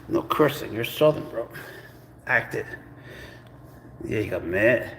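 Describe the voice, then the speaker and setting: A man's voice: lowish voice, expressive, slow pace, long pauses, fairly bright tone. A man hosting a casual live stream, talking playfully and coaxingly to his pet cat and calling it bro. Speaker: pet owner and channel host.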